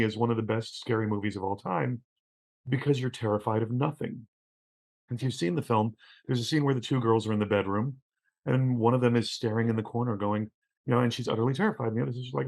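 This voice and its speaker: A man talking casually as a podcast guest, an animated storyteller who acts out the quotes he tells. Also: mid-range voice, creaky, breathy edge. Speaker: guest, theatre professor. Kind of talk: casual conversation.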